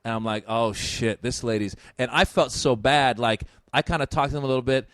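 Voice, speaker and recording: A man's voice: mid-range voice, fast talker, no room sound. A man from Iran, a comedian, chatting casually on a podcast and telling a stand-up story, acting out the people he talks to. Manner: animated storyteller acting out crowd exchanges, frequent restarts. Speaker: comedian guest.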